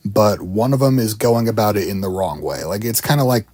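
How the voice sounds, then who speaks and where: A man co-hosting a casual film podcast in a relaxed, chuckling way. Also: fairly low pitch, fairly quick, no room sound. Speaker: podcast co-host.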